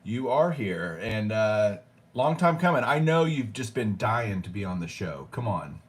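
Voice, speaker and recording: A man hosting a collecting show, relaxed and jokey, poking fun at himself. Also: on the low side, unhurried. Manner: relaxed, jokey, self-deprecating. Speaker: host. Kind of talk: casual chat.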